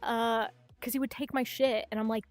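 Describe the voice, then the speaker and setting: A woman's voice: a little high, fairly even intonation, moderate pace, faint music behind. A young woman streaming casually, ranting animatedly, swearing a lot and acting out other people's voices. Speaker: VTuber streamer. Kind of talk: casual livestream chat.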